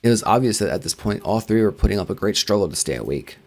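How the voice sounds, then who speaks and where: Brief: male host narrating a horror story, quick, low-pitched delivery. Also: animated, darkish tone. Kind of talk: dramatic creepypasta reading.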